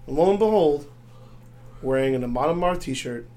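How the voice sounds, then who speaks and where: A man's voice: medium pitch, expressive, normal speed, warm tone. A man co-hosting a casual talk podcast, ranting with exasperation. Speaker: podcast co-host. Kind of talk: casual wrestling recap chat.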